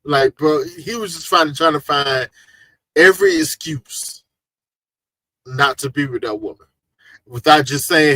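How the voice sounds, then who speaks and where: A man hosting a casual live podcast chat, talking in an animated, slangy, jokey way. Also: a little high, measured pace, pauses often, no room sound. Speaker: podcast host.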